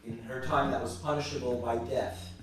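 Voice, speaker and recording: A man teaching a church class and retelling saints' stories, halting and repeating words as he goes. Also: medium pitch, fairly even intonation, a little hiss or hum. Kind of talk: storytelling religious class talk. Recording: very echoey church from a distance.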